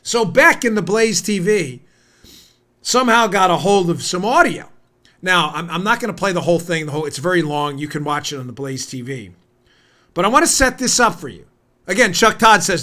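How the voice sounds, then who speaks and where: A man's voice: sits high, expressive, a little fast, pushed and bright. A man hosting a podcast, delivering heated, sarcastic political commentary straight to his listeners. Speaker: podcast host.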